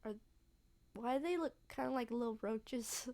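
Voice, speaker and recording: A woman's voice: a little high, normal speed, warm tone. A woman casually commenting while playing a story game, chatty and blunt, filling her talk with "like". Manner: chatty, lots of "like", blunt reactions. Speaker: let's play gamer.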